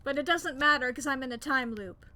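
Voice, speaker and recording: A woman streamer giving let's-play commentary, reading the game's text aloud and reacting with animated, melodramatic outbursts. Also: high-pitched, brisk.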